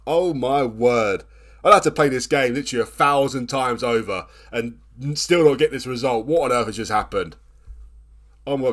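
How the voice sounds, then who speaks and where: A man in his thirties commentating his own football management game, swinging between nervous groans and excited shouts. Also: medium pitch. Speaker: gaming channel host. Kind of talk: let's play commentary.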